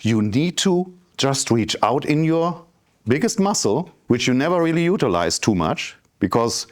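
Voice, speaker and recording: A man's voice: medium pitch, moderate pace. A man in his fifties from Germany with a German accent, giving a motivational talk as a business coach and telling his story straight to the audience. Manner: animated storytelling, addresses the audience directly.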